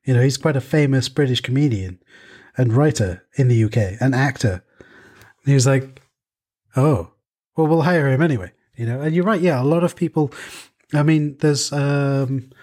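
A man's voice: mid-range voice, normal speed, darkish tone. A man in a casual chat who tells a long, rambling story full of fillers and self-corrections.

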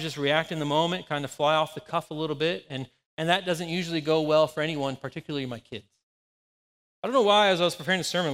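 A man's voice: a little high, clean tone, in a large hall. A man in his forties, a pastor giving a conversational sermon full of personal anecdotes. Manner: conversational, anecdotal, animated storytelling.

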